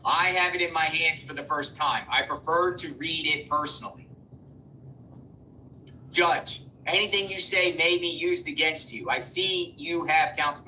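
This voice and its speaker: Guy reading court notes live on his stream, super sharp tense voice, trips over words, mic kinda far off. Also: fairly high pitch. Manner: halting, stumbles over words, excitable asides. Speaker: live-stream news host. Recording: distant mic with faint background noise.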